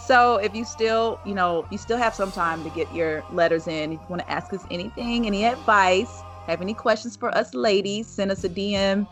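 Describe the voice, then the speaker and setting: A woman's voice: medium pitch, a little fast, few pauses, a bit bright, faint music behind. A woman co-hosting a podcast, chatting casually and laughing often as she wraps up the show. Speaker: podcast co-host.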